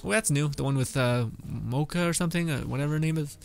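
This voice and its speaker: Gaming streamer, man, slightly high voice, wry and chatty, laughs between thoughts. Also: normal speed, vocal fry, a bit bright, soft background music. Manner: chuckles often, wry and rambling. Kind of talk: casual commentary on a game update.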